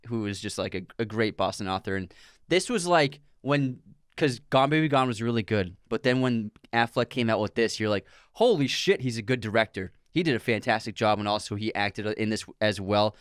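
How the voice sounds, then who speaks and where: A man co-hosting a film podcast, chatting casually and getting excited, often laughing. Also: lowish voice, brisk, clear, resonant tone, no room sound, clean studio sound. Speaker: podcast co-host. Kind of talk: casual chat.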